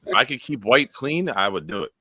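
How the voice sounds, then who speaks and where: A man hosting a live-streamed sports chat show, excitable, giving viewers shout-outs by name and bursting into sing-song chants. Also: medium pitch, a little fast, no room sound, studio quality.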